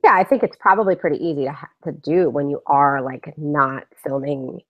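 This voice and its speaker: A woman's voice: low-pitched, a little fast, a bit bright, dry recording, muffled recording. A woman co-hosting a casual fan discussion, talking hesitantly with fillers. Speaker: podcast co-host.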